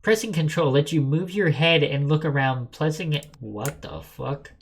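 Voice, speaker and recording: A man's voice: on the high side, normal speed, slightly rough. A man streaming a game, commenting sarcastically, swearing and reading the on-screen text aloud. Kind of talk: gameplay commentary.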